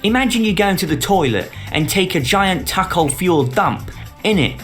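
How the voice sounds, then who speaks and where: A man's voice: high-pitched, expressive, normal speed, fairly bright tone, soft background music, pitched above the performer's own voice. A man voicing a scheming, slangy British businessman in a put-on cockney accent. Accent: put-on London cockney. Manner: slangy, conspiratorial, pushy.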